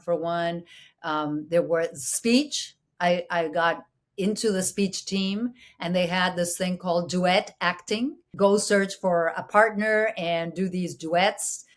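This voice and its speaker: A woman from Mexico, a Spanish native speaker, telling stories as an interview guest in a lively, restarting way. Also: lowish voice. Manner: animated, full of restarts, playfully mimics voices. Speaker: actress and producer, guest. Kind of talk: conversational interview storytelling.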